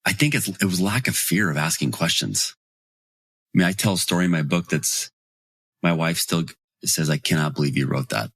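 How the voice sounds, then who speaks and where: A low-pitched man in his forties with a husky edge tells stories as a guest on an interview podcast. He jumps into the voices of the people in his tales. The sound is close and dry, with no room around it. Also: moderate pace, no room sound. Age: 40s. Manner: animated storyteller, acts out quoted voices.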